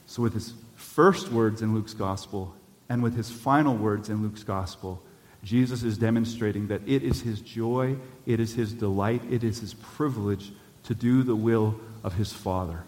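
A man's voice: on the low side, steady tone, normal speed, darkish tone, long reverb tail. A male pastor preaching a sermon in a church, earnest and building to urgent appeals.

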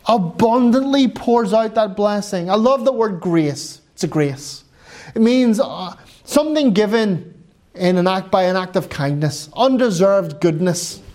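High-voiced earnest preacher man. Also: darkish tone. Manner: earnest, exhorting, repeats phrases for emphasis. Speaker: pastor. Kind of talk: sermon.

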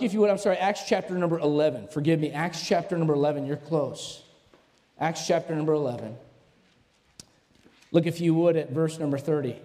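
A man preaching a sermon as pastor, animated and questioning the congregation, rising to shouts. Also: high-pitched, big-room sound. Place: church sanctuary.

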